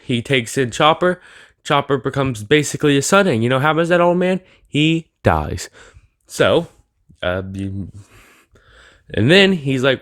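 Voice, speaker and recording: A man's voice: medium pitch, big pitch swings, moderate pace, fairly bright tone, dry recording, studio quality. A young man delivering a rambling, sarcastic opinion rant for his anime channel. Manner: rambling, sarcastic, with filler words and restarts. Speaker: anime YouTuber.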